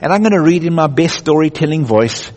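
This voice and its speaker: A man's voice: on the high side, expressive, brisk, darkish tone. A man preaching a sermon as a pastor, earnest and building emphasis through repetition. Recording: echoey hall.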